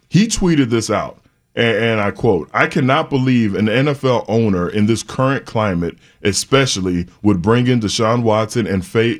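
A man of middle pitch co-hosting a sports talk show. He argues with conviction and breaks into quick asides before coming back to his point. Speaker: sports talk radio co-host.

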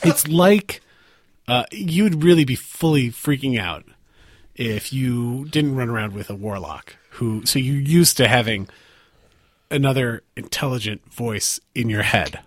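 A man's voice: medium pitch, dry recording. Young male game master, leisurely pace, dry close sound. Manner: unhurried, laughs often, loose phrasing. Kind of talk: narrating a tabletop game.

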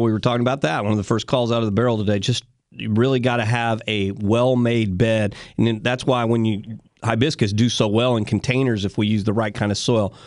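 A man's voice: mid-range voice, darkish tone, dry recording, clean studio sound. A man hosting a call-in garden show on the radio, chatty and folksy, laughing easily as he gives advice. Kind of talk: casual call-in radio talk. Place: radio studio. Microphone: studio microphone.

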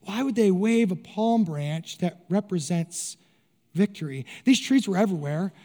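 High-voiced man preaching in a hall. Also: unhurried. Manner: animated preaching, acts out crowd voices and asks rhetorical questions. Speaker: pastor. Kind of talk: sermon.

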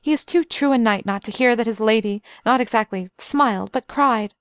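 A woman voicing an excitable young invalid man who is wry, talkative and full of schemes, in a storybook reading. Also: a little high, normal speed, clean tone, no room sound, clean studio sound, lightly acted. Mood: wry, fussing.

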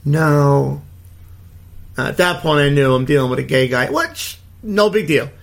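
A man's voice: on the high side, animated, a little fast, vocal fry. A man in his fifties telling a story in a blunt, profane, indignant rant. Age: 50s.

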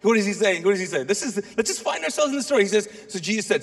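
A man preaching a sermon as a pastor, telling a Bible story with animated asides and acted-out lines for the people in it. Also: high-pitched, fast talker, few pauses, in a large hall. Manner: animated storytelling, acts out voices of biblical figures.

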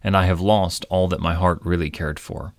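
A man's voice: sits low, fairly even intonation, normal speed, dry recording, clean studio sound. A man voicing a grieving, remorseful old king who pleads with emotional outbursts in a storybook reading. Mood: despairing.

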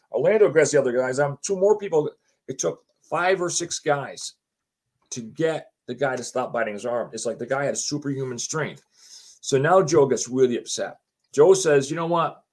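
A man telling a story in casual talk, acting out what others said. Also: medium pitch. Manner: animated, acts out quotes of others. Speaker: homeowner telling his story.

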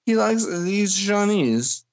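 A man's voice: sits high, animated, takes it slowly. A man in casual podcast chat, goofy and swearing freely.

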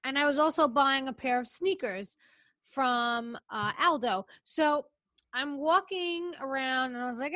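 High-voiced animated middle-aged woman. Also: measured pace, no echo. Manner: animated, acts out quotes in the story. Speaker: talk show co-host. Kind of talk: casual chat, storytelling.

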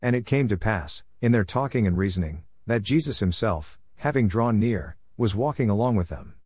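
A man reading scripture aloud in a steady, measured narration. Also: on the low side, husky, no room sound, clean studio sound. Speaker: scripture reader.

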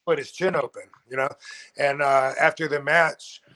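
A man's voice: fairly high pitch, fairly even intonation, moderate pace, pushed and bright. A man of about fifty chatting as a podcast guest, rambling with many fillers and restarts. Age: 50s. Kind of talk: casual podcast chat.

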